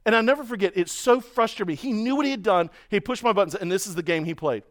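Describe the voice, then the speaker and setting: A man preaching a sermon, telling stories in a lively way and acting out the voices of other people. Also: sits high, quick pace. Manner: storytelling, animated, mimics voices in quotes. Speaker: pastor.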